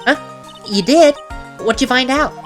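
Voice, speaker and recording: A woman voicing an excitable, peppy teenage girl from a video game, reading her lines aloud. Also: sits high, measured pace, soft background music, voice pushed up. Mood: curious. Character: peppy teen girl spirit medium, excitable.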